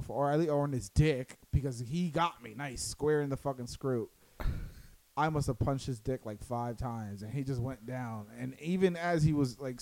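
Man, casual storytelling, crude, animated, mid-pitched voice. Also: no room sound, poor audio.

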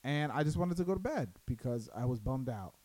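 A man telling a story in casual chat, crude and animated, acting out what others said. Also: medium pitch, a little fast, no echo, low-quality recording.

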